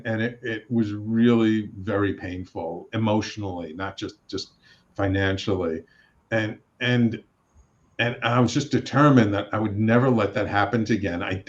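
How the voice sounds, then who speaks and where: A middle-aged man, a radio network producer and host, telling his story in a casual interview, animated and acting out the voices he quotes, with many restarts. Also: on the low side. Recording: slightly dull lo-fi sound.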